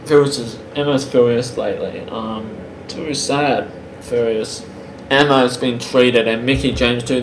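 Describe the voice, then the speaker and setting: Halting man rambling through a review. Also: medium pitch. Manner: halting, many ums and restarts. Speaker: channel host reviewing wrestling. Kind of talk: unscripted casual review. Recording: roomy with faint background hiss.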